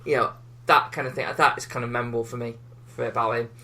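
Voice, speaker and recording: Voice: mid-range voice, fairly even intonation, fast, pushed and bright. A podcast co-host chatting casually about a film, rambling and hesitant with frequent fillers and small laughs. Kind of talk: casual film review chat.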